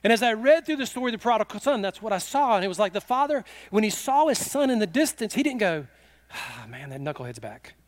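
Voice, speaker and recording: A middle-aged man preaching a sermon with fervor, slipping into quick acted quotes. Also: extremely high pitch, lively intonation. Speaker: pastor.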